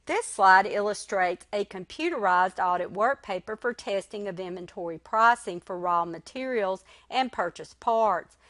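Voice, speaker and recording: A woman lecturer reading a recorded slide lecture in a measured way. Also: medium pitch, fairly bright tone, no room sound.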